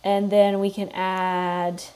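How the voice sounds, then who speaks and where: A woman hosting a software tutorial, explaining each step in a relaxed way and thinking aloud with fillers as she works. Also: medium pitch, slow. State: has the hiccups. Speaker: tutorial host. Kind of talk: screen-recorded software tutorial.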